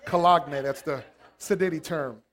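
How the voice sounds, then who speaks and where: A man preaching a sermon as a pastor, swinging from hushed lines to shouted ones. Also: a little high, measured pace.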